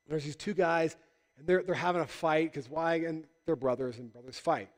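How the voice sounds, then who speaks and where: Joking pastor preaching in a reverberant hall. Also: male voice, a little high, darkish tone. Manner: conversational and joking, acts out voices in quotes. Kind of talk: casual sermon. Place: church hall.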